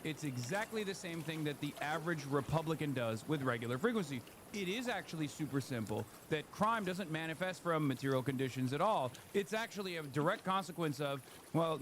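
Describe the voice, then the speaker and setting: Animated, swearing male streamer, high voice. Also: slight background noise. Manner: animated, profane, mocking quoted voices. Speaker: streamer reacting to a clip. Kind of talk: casual political commentary.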